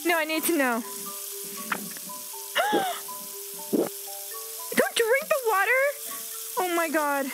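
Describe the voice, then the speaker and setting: A woman's voice: very high-pitched, big pitch swings, unhurried, long pauses, over music. A young woman commenting on a game, gasping, squealing and talking baby-talk to the animals. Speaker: gaming video creator. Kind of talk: excited gameplay commentary.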